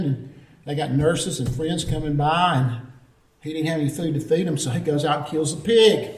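A man preaching a sermon as pastor, earnest and storytelling, calling for responses from the congregation. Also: fairly high pitch. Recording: roomy echo, distant mic.

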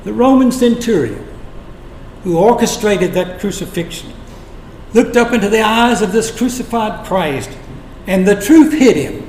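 A man preaching a sermon, retelling scripture as dramatic storytelling with long pauses. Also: high-pitched, expressive, darkish tone, a little hiss or hum. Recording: echoey room.

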